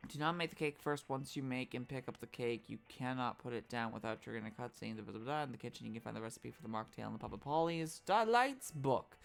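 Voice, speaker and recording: A woman's voice: rumbling low, fast talker, vocal fry, few pauses. A woman streaming a video game, talking casually over her play and reading the game's lines aloud. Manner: animated, reads game lines aloud and trying out character voices. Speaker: gaming streamer. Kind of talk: casual let's-play commentary. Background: faint game music.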